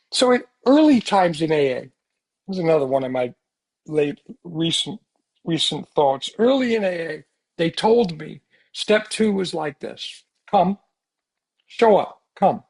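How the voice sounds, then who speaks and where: A man giving an earnest, animated recovery talk full of rhetorical questions. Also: high-pitched, slightly rough. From United States. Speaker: speaker sharing recovery story.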